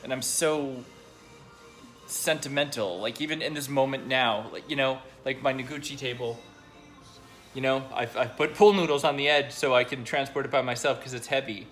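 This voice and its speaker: A young man talks straight into his own camera, his voice catching as he stays on the edge of tears. He speaks in a halting way, full of pauses and fillers, at a medium pitch. Soft music plays faintly behind him. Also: fairly even intonation. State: choked up. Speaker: vlogger. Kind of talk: personal video diary.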